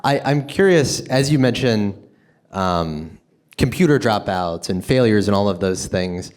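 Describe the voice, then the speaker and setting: A man's voice: on the low side, lively intonation, a little slow, darkish tone. A man moderating a stage Q&A, asking curious, inviting questions. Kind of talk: interview questions.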